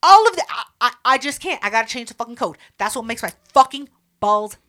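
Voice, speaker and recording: A woman co-hosting a podcast, telling a profane story in casual banter with sudden loud outbursts. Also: fairly high pitch, fairly quick. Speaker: podcast co-host.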